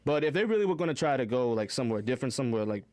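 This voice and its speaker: A man's voice: medium pitch, sing-song, rapid-fire, darkish tone, no room sound. A man co-hosting a college radio film show in the studio, chatting and presenting a countdown. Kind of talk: casual chat and read-out countdown.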